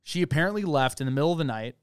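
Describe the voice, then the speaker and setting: Smooth-voiced man on a dry close mic. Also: fairly high pitch, lively intonation, racing, no room sound. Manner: conversational, reads from case documents, thinks aloud. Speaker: podcast co-host. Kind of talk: casual true-crime discussion.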